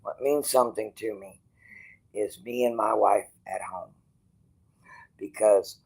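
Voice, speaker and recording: A man livestreaming from a hospital bed, rambling bluntly and with swearing, going from quiet musing to loud, stubborn outbursts. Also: fairly low pitch, steady tone, unhurried, gravelly, pauses often, slightly rough, rough recording. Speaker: streamer.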